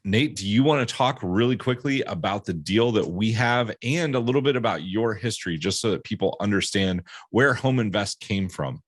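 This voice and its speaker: Male host with a very low voice, relaxed questioning, dry close mic. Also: moderate pace, few pauses, no room sound. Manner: relaxed, asks questions, conversational fillers. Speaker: podcast host. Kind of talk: conversational interview.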